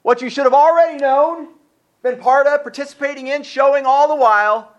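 A man's voice: extremely high pitch, fairly quick, lo-fi sound. A man preaching a sermon as pastor, driving his points home with repeated rhetorical questions and reading scripture aloud between his remarks.

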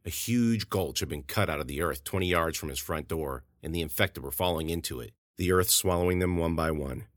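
A man narrating his own horror story in a measured, steady way as a podcast host. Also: low voice, no echo, clean studio sound.

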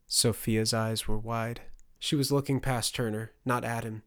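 A man narrating a fantasy audiobook in a steady storytelling delivery. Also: medium pitch, moderate pace, hardly any pauses, smooth.

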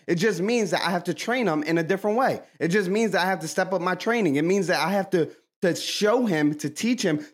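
Forceful man preaching on a podcast. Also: on the high side. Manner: forceful, repetitive emphasis. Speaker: co-host of a faith podcast. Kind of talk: preaching-style faith talk.

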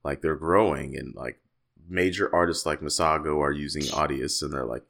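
A man with a very deep yet bright voice co-hosting a podcast. He chats casually and tells animated, joking stories. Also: normal speed, creaky. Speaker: podcast co-host.

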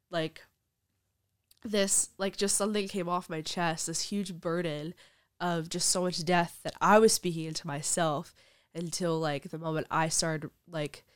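A woman's voice: on the low side, clean tone, dry recording, studio quality. Chatty young woman, laughing often. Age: young adult. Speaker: podcast guest. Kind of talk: casual storytelling interview.

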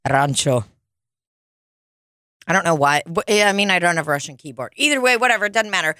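A woman's voice: lowish voice, animated, fairly quick, sharp tone, no echo, clean studio sound. A young woman co-hosting a casual chat, rambling and swearing now and then.

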